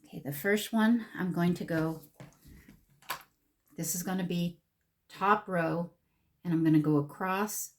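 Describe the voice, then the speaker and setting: Gushing woman beauty vlogger, slow-paced. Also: fairly low pitch, slight background noise. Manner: gushing, excitable, repeats herself. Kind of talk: casual product unboxing vlog.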